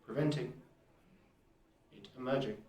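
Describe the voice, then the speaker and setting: A man's voice: mid-range voice, darkish tone, reverberant. A man voicing a strained robotic being. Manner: stilted, halting speech in short clipped phrases. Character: strained robotic male being, formal and urgent.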